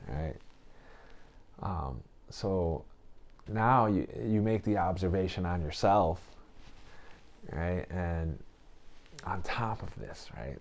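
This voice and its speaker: A man's voice: sits low, expressive, takes it slowly, pauses often. A man chatting as a podcast guest, telling a story in a loose, rambling way and acting out what others said. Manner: rambling, peppered with "you know" and "right?"; acts out other people's lines when retelling. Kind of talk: casual storytelling chat.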